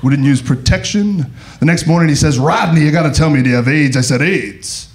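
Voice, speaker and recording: A man putting on a brash, wisecracking old-school nightclub comedian, firing off one-liners in a rough delivery. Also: on the high side, a little fast, noisy background, close to an everyday voice. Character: brash wisecracking middle-aged man impression. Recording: live club, crowd laughter.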